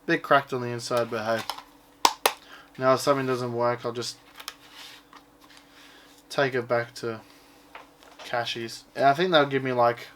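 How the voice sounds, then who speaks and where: A man talks through his haul in a loose, rambling way, offhand and now and then swearing. His voice sits at an ordinary middle pitch, with a faint hum of room ambience behind him. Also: steady tone, a little slow, pauses often. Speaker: collector showing his purchases. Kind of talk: casual unboxing chat.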